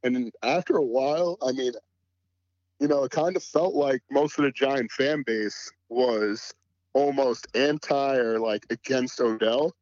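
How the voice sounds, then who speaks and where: A man's voice: mid-range voice, unhurried, darkish tone, dry recording, lo-fi sound. A man as a podcast guest in casual sports chat, laid-back and full of "you know" fillers.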